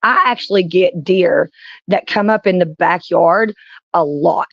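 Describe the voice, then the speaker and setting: A woman's voice: lowish voice, unhurried, gravelly, no room sound, muffled recording. A woman streamer telling rambling stories in casual chat, often breaking into laughs. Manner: rambling anecdotes with frequent laughs.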